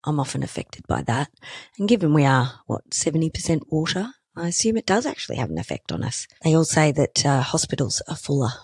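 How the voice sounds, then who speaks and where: A woman's voice: low-pitched, big pitch swings, brisk, a little mellow, husky, no echo. A middle-aged Australian woman hosting a podcast, talking alone in a chatty, self-deprecating way with joking asides. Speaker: podcast host. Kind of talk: solo podcast chat.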